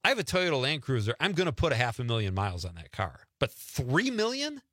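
Animated joking male radio host. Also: mid-range voice, racing, no echo. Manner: animated, joking, laughs often. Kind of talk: casual radio chat.

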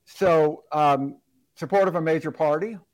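A laid-back man interviewed as a guest author on talk radio. He rambles casually and fills his pauses freely. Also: on the high side.

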